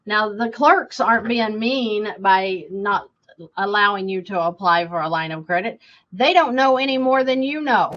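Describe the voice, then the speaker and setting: A woman's voice: on the high side, fairly bright tone, highs cut off. A woman, a financial coach, answers viewer questions emphatically and keeps checking in with "okay?". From United States.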